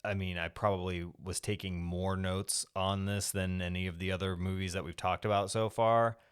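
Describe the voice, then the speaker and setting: Deep smooth-voiced man recapping a film. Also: flat delivery, normal speed. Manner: rambling retelling with profanity. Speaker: podcast co-host. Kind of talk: casual movie recap chat.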